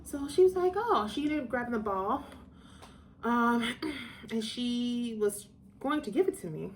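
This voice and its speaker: A woman's voice: mid-range voice, a little hiss or hum. Chatty middle-aged woman storyteller. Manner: chatty, digressive, animated when quoting people. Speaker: vlogger telling personal stories. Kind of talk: casual storytelling to camera.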